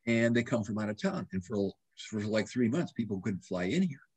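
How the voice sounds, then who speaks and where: A husky older man in his seventies talks casually as a guest doctor. He tells lively stories, restarts his sentences and quotes himself as he goes. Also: lowish voice, moderate pace. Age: 70s. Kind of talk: casual interview conversation.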